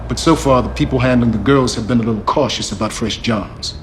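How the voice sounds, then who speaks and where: An actor playing a brisk, businesslike police supervisor in a TV crime drama. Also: male voice, mid-range voice, slight background noise, close to an everyday voice.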